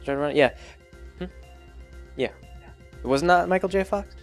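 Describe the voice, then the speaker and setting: A man's voice: high voice, normal speed, faint music behind. A man hosting a vlog in loose, rambling casual chat, full of filler words and chuckles. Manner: chuckles as he talks. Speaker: vlog host.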